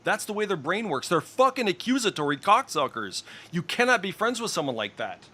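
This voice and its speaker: A man's voice: high voice, sing-song, a little fast, bright, forceful tone. A middle-aged man streaming in casual voice chat, ranting with heavy profanity and strong opinions.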